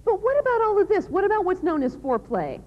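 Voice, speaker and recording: A woman's voice: extremely high pitch, big pitch swings, fast talker. A woman giving a live talk to an audience, telling a story and asking them rhetorical questions. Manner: addresses the audience directly. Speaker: public speaker on love and marriage. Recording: dull, lo-fi recording.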